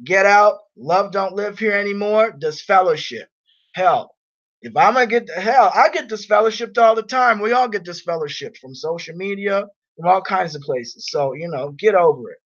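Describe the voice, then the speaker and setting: A high-pitched man chatting on a live stream, blunt and annoyed as he reads out viewer comments. His audio is dull and lo-fi, like a cheap computer mic. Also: lively intonation, normal speed, a bit bright. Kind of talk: casual live stream chat.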